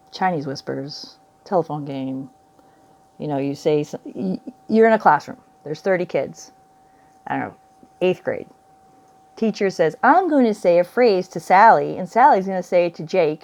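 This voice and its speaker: A woman's voice: lowish voice, mellow, dull audio. A woman in her forties vlogging at home, rambling through spiritual musings, often laughing and trailing off mid-thought. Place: indoors at home by a window.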